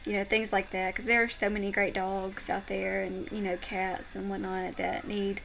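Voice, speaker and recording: A young-sounding woman speaks softly and haltingly to her camera, full of fillers and little pauses, with a gravelly fry and a flat, even pitch. A faint hiss sits under her voice. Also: rough recording. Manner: soft-spoken, halting with many fillers. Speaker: vlogger. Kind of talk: casual heartfelt talk to camera.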